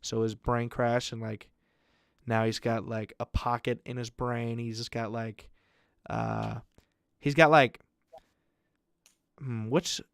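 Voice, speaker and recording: A man's voice: mid-range voice, steady tone, takes it slowly, creaky, long pauses, clear, resonant tone, no echo, clean studio sound. A young man on a podcast telling a long family story in casual chat, rambling with lots of fillers and swearing. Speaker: podcast co-host.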